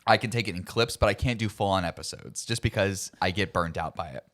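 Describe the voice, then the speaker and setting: A man's voice: sits low, fast, fairly bright tone. A man co-hosting a podcast, rambling through stories and laughing as he retells scenes. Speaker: podcast co-host. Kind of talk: casual chat.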